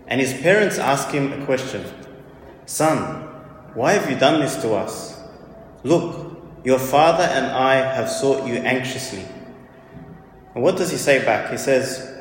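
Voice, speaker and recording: A man's voice: medium pitch, a little hiss or hum. A man preaching a homily, retelling scripture earnestly and repeating key questions. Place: church. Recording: very echoey church hall.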